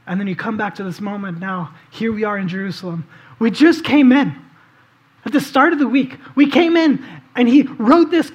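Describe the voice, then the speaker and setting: Speaking in a mid-range voice at a moderate pace, a preacher gives a relaxed sermon, bringing a scripture story to life and inviting the audience to imagine it. Fillers like "like" and "um" come up often. The sound is lo-fi.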